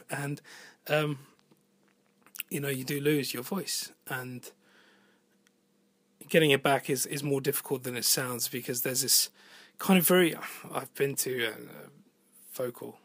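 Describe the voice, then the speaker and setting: A man's voice: mid-range voice, creaky, fairly bright tone, breathy edge, no room sound. A man, a singer-songwriter, talking casually about making his album, thinking aloud, rambling and swearing now and then. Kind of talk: casual spoken monologue about album production. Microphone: home voice recording.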